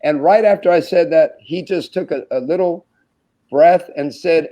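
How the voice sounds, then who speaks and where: A man's voice: on the high side, moderate pace, dull audio. A man in his sixties from the United States, a former basketball player telling anecdotes as a podcast guest, acting out dialogue and chuckling often. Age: 60s. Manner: animated storyteller who acts out dialogue, chuckles often. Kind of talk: anecdotal storytelling in an interview.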